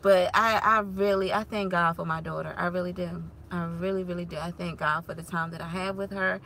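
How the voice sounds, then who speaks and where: A woman talking casually to her viewers in a vlog. She tells lively stories, laughing often and acting out what people said, then turns soft and heartfelt when she talks about being grateful. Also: lowish voice, fairly quick, gravelly, a little hiss or hum. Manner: animated storyteller who laughs often and acts out quotes. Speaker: vlogger and mother.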